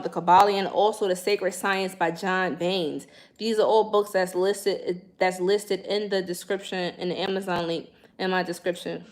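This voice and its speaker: Young new woman on a livestream, slangy and animated, talking right at her viewers. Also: medium pitch. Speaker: spiritual livestream host. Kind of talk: casual livestream chat.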